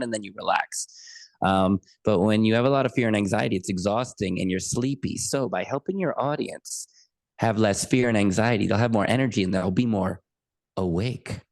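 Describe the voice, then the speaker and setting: Male guest coach, low gravelly voice, dry close sound, earnest. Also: no room sound. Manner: earnest and reflective, with frequent restarts. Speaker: podcast guest, anxiety coach. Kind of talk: conversational interview.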